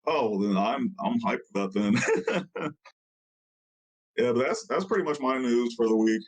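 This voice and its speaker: A man's voice: mid-range voice, lively intonation, unhurried, husky, rough recording. Rambling man giving weekly news. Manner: loose and rambling, lots of fillers. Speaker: podcast co-host giving card game news. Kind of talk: casual podcast chat.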